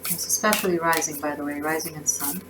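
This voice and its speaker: A woman's voice: deep voice, fairly even intonation, fast, noisy background. A woman giving a casual tarot reading, effusive and emotional, often restarting her words. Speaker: tarot reader.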